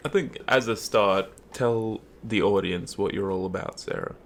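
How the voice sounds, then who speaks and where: Co-host: man, low voice, laid-back and teasing, faint background noise. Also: unhurried, gravelly. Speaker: podcast co-host. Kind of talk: casual chat.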